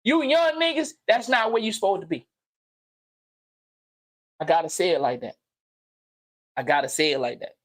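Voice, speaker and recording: A man hosting a livestream and giving an unscripted motivational monologue, blunt and profane, repeating phrases and swinging from low murmurs to loud outbursts. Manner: blunt, preachy, profane street slang. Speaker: livestream host. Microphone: streaming mic.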